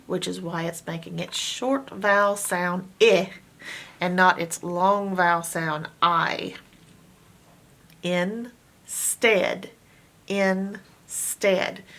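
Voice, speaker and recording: A woman teaching a phonics lesson, slowly sounding out words and letters, with patient praise. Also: lowish voice, fairly bright tone.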